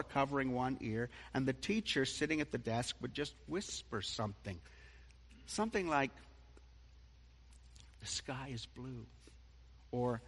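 Male preacher, slow and bright-toned, dramatic sermon delivery, long hall reverb. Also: medium pitch. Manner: dramatic, swings from soft to loud.

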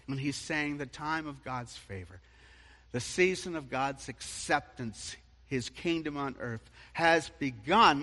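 A man preaching a sermon, dramatic, moving from quiet reading to loud proclamation. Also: on the high side, expressive, slow. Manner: dramatic, swings from soft to loud. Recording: long hall reverb.

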